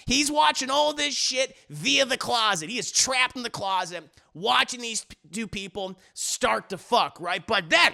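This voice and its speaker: A man's voice: extremely high pitch, lively intonation, measured pace, vocal fry, few pauses, sharp tone. A man streaming live, animatedly retelling a story with lots of cursing while talking to his chat. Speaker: streamer reviewing media.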